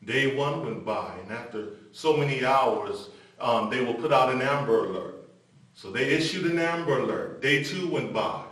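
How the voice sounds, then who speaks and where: An older man preaching a televised sermon. He moves between impassioned exhortation and a quieter personal testimony. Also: medium pitch, animated, moderate pace. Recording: echoey room from a distance.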